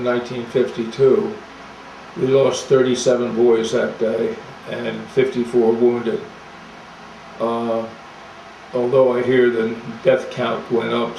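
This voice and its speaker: An older veteran speaks in a level, unhurried monotone, plain and matter-of-fact. He pauses often as he recalls details. The voice comes from away from the mic in a roomy space, with faint hiss. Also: mid-range voice, highs cut off. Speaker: army veteran. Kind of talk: oral history storytelling. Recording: echoey room, distant mic, faint noise.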